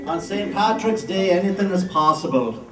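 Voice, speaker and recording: A man's voice: high-pitched, expressive, normal speed, background noise. A man entertaining at a senior center party, telling jokes in a chatty storytelling manner and chuckling at his own punchlines. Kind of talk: live stand-up joke telling. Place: large hall at a senior center. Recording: echoey hall, distant mic, music. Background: music.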